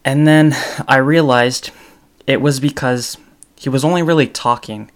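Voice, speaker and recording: Talking solo on his podcast, a young male host chats casually about storytelling, rambling with frequent ums and false starts. He has a medium pitch, fairly even intonation, a measured pace, and a clean tone.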